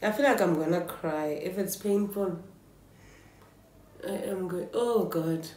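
A woman's voice: fairly low pitch, unhurried, darkish tone. A young woman from South Africa, chatting casually and nervously to camera in a home vlog, thinking aloud as she goes. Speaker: beauty vlogger. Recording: echoey room.

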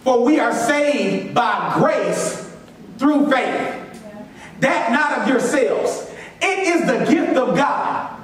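Male pastor, preaching, call-and-response, repeats key lines, very high voice, heavy church echo. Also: animated, slow, far from the mic, a little hiss or hum. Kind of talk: sermon. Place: church sanctuary.

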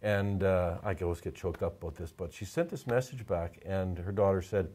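A man, a portrait photographer, telling stories in a casual interview, halting and repeating words as he gets emotional. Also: low voice, mellow, slightly rough.

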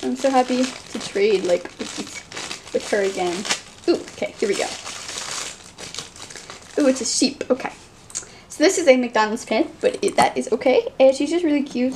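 A woman hosting a casual unboxing vlog, excitable and gushing as she opens toys, with plastic bags crinkling behind her. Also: sits high, slight background noise. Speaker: toy collector and channel host.

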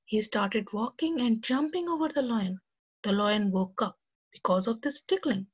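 Cheerfully addressing young children, this woman gives a lesson and reads a story aloud. She speaks at a normal speed in a highish voice with a breathy edge.

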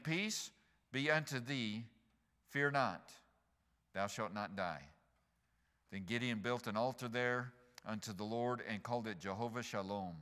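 Preaching a sermon in a church sanctuary with long reverb, a male pastor gets animated, rising to loud, emphatic high points and joking with the congregation. His voice is fairly low in pitch yet bright and forward.

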